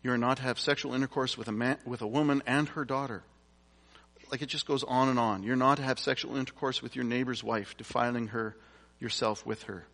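A man's voice: mid-range voice, fairly even intonation, a little fast, gravelly, a bit bright. A man preaching a sermon, reading scripture aloud and explaining it in a conversational way with casual asides. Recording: long reverb from a large hall.

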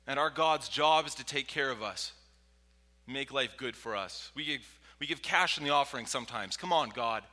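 Male pastor, sermon delivery; sharp bright tone, dramatic loud-to-whisper swings, long church reverb. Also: mid-range voice, moderate pace. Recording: long reverb from a large hall.

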